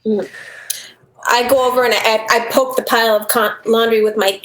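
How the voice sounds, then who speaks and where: A woman with a fairly high voice plays in a tabletop game, insistent and firm. Her voice rings in an echoey room. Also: level tone, fairly quick, a bit bright. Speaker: player. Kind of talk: tabletop role-play.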